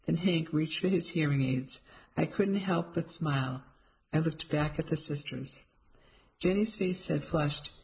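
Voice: mid-range voice, measured pace, rough recording. First-person storybook narrator, light and wry, mid-range voice.

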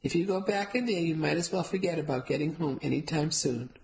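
A woman voicing a kind, wise elderly grandmother, who talks formally, gently and firmly. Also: low-pitched, brisk, vocal fry, low-quality recording. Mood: tender. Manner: formal, no contractions, gentle and firm.

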